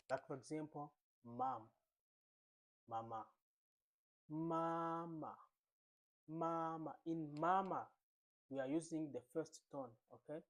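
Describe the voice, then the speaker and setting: A man's voice: mid-range voice, darkish tone. A man teaching a beginner Mandarin lesson. He repeats each drill over and over, drawing out the tones and coaxing viewers to repeat after him. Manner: slow and repetitive, drawing out tone drills.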